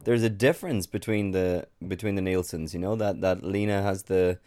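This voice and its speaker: Man, low voice, enthusiastic host, dry sound. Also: normal speed, darkish tone, no echo. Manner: chatty, enthusiastic. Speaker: podcast host. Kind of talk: casual athletics chat.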